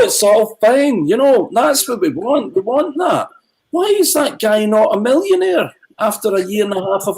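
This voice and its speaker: Brief: middle-aged filmmaker, fired-up rant, high, lively voice, video call. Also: male voice, rough recording. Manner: impassioned ranting, animated. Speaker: filmmaker guest. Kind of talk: livestream Q&A.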